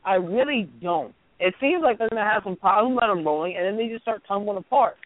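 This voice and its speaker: High-pitched guy trash talking football teams, sarcastic, tinny dry radio sound. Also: animated, fast talker, no room sound. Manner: mocking, sarcastic asides. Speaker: sports talk co-host. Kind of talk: casual sports radio rant.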